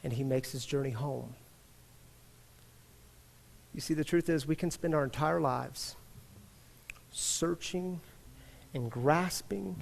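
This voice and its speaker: A male pastor giving an earnest sermon to his congregation, telling a story and building up then dropping soft. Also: on the high side, vocal fry. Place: church sanctuary. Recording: long church-hall reverb.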